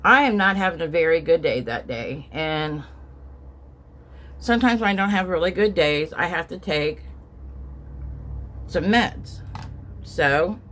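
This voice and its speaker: A woman's voice: fairly low pitch, animated, unhurried, long pauses, fairly bright tone, a little hiss or hum. Chatty woman storytelling over makeup. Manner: chatty, rambling, acts out quotes with raised voice. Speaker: vlogger. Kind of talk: casual storytelling while doing makeup.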